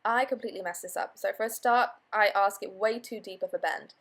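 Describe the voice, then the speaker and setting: Hoarse, chatty young woman. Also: medium pitch, a little fast, a bit bright. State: hoarse after illness. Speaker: vlogger. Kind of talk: casual vlog chat.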